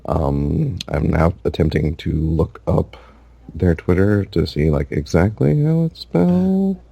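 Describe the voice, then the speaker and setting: A man with a deep, gravelly voice co-hosts a casual gaming podcast. He rambles with plenty of fillers and restarts. His close mic sounds dry and dead. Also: expressive, a little slow, dark tone, dry recording. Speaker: podcast co-host.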